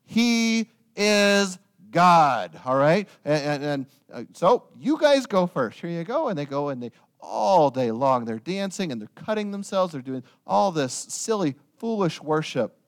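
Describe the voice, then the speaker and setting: Male preacher, sermon, animated pitch, slightly high voice, joking asides. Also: normal speed. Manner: lively storytelling with joking asides to the audience.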